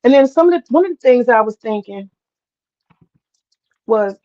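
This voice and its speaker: A woman talking casually on a livestream, drawling and animated as she tells a story, with asides to herself. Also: fairly high pitch, normal speed, lo-fi sound. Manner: animated, drawling, swears casually, mutters to herself while cooking. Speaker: host.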